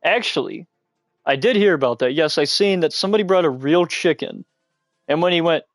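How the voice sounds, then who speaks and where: A man livestreaming a game in casual, excitable chat, giggling often and shouting catchphrases. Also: fairly high pitch, fairly quick, no room sound, soft background music. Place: at home, mom nearby.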